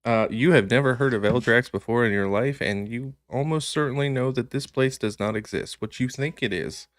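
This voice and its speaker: A man narrating as game master in a tabletop role-play, relaxed and quick to laugh. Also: medium pitch.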